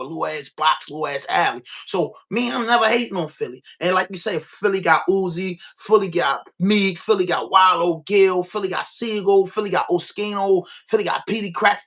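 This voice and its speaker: A Baltimore man with a high, bright voice, ranting on a podcast. He talks with a Baltimore accent, curses a lot and hammers his points home by repeating them. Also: slightly rough. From Baltimore, USA. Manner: profane, emphatic, repetitive. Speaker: podcast host. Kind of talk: casual rant.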